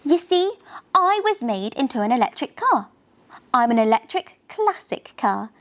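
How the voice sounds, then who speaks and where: A woman voicing Luxie, a proud, bubbly young girl electric car, with a high, excited delivery. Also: normal speed.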